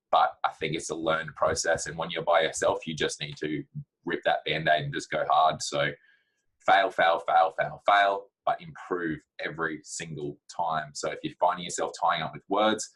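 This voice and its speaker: Low husky man, blunt and practical. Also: a bit bright, poor audio. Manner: blunt, practical, with many fillers. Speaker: dietitian giving career advice. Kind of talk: casual reflective talk to camera.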